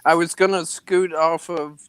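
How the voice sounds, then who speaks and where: Smooth, bright-voiced man on a video call. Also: on the high side, level tone, no room sound. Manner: mild, self-deprecating, a little halting. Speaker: co-host guest. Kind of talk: casual live-stream chat.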